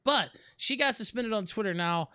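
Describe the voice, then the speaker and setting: High bright Southern man, dry sound. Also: animated, normal speed, clean tone, no echo. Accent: Southern American. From American South. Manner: folksy, rhetorical questions. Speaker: host. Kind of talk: casual political talk.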